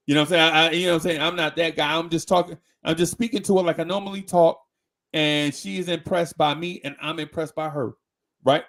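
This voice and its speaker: Gravelly man rambling on a live show. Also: a little high, fairly even intonation, brisk, fairly bright tone. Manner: rambling, repeats words, restarts often; slangy, conversational, asks "right?". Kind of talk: casual live chat.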